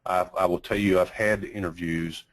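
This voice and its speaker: A man with a Texas accent teaching a sales training class, speaking slowly with deliberate pauses and emphasis. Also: sits low, steady tone, poor audio.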